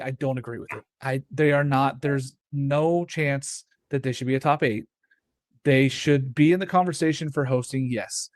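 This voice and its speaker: A man co-hosting a college baseball show in casual sports chat, animated, often laughing and acting out quoted reactions. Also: medium pitch, no echo, studio quality.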